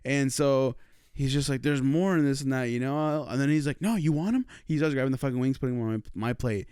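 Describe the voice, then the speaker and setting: A young man co-hosting a podcast, telling a story in casual chat, animated and swearing, laughing often. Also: mid-range voice, fast talker, clear, resonant tone, no room sound, studio quality. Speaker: podcast co-host.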